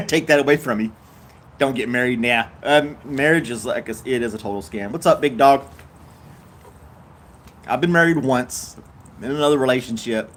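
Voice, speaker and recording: An older man with a Tennessee drawl, hosting a relaxed live stream. He chats in an easygoing, unhurried way, chuckles often and reads out viewer comments. His voice sits at an ordinary middle pitch. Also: a little hiss or hum. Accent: Southern US, Tennessee. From Tennessee, USA.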